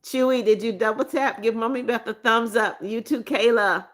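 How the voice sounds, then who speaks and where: A woman's voice: fairly high pitch, steady tone, moderate pace. A woman hosting a live stream, reading viewers' comments aloud, laughing often and greeting people with blessings. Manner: repeats phrases, scolds gently. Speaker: livestream host reading chat. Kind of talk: casual live chat.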